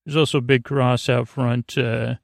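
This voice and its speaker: A man hosting a sleep podcast, recapping an episode in a halting, rambling way with many fillers and restarts. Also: medium pitch, little pitch movement, vocal fry, dry recording, studio quality. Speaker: podcast host.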